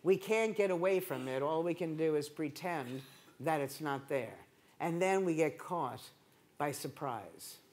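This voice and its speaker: A woman speaking as a keynote speaker in a conversational, animated way. She keeps checking in with the room through quick rhetorical asides. The talk is delivered at a conference. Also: low voice. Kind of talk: conversational lecture. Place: conference hall.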